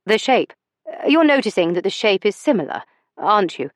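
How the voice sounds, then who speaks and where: A charming young gentleman gambler with a gallant, teasing way of talking, as a woman narrator reads him. His lines sit at an everyday middle pitch and are recorded very dry and close. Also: very animated, a little fast, no echo, natural voice. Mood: earnest. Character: charming young male gambler posing as an heir.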